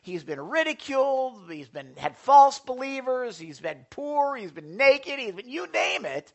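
A male pastor delivering a sermon in an animated way, swinging between loud emphasis and soft, quiet asides. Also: extremely high pitch, unhurried, dull audio.

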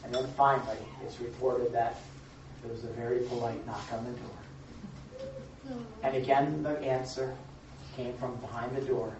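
A man's voice: mid-range voice, expressive, moderate pace, long pauses. A man teaching scripture in a conversational, storytelling way, often asking his listeners if they follow. He sounds distant from the mic, and his voice rings around a very echoey room. The recording is dull, with faint noise underneath. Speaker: preacher, Bible teacher. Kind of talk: informal sermon, storytelling.

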